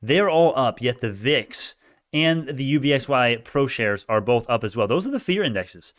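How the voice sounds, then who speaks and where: A man streaming live stock commentary, chatting with viewers, swinging between mumbled asides and loud cheering, arguing back at comments and laughing often. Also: mid-range voice, animated, moderate pace.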